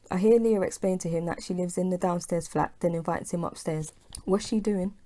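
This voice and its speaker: A woman's voice: lowish voice, brisk. A woman, the author, narrating her own romantic comedy novel in first person. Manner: plain, steady reading, dialogue voiced with mild feeling.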